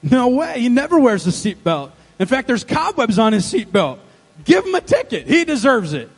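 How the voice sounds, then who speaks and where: A man's voice: a little high, big pitch swings, moderate pace, breathy edge, in a large hall, voice pushed down. A man doing the voice of an angry wife who tells on her husband to a police officer in a story from a sermon. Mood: tattling. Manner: blunt, loud, scolding.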